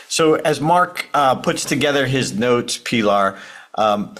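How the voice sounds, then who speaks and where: A man's voice: medium pitch, animated, slow pace, fairly bright tone. A man co-hosting a casual podcast, asking a guest questions and adding practical tips in a friendly way. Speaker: podcast co-host.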